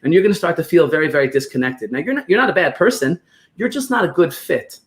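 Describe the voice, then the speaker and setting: A man with a New York accent talks at a rapid clip in a fairly high voice. He tells animated stories and acts out quotes as a guest on a podcast interview, speaking over a remote call. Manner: animated, fast storytelling with acted-out quotes. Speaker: guest expert on business operations. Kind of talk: podcast interview, explaining with examples.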